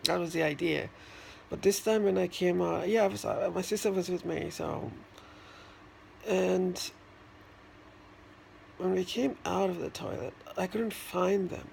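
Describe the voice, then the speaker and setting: A man in a casual vlog, telling a childhood story in a halting, rambling way, with many restarts and fillers. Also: high-pitched, gravelly, a little mellow, a little hiss or hum. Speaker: vlogger.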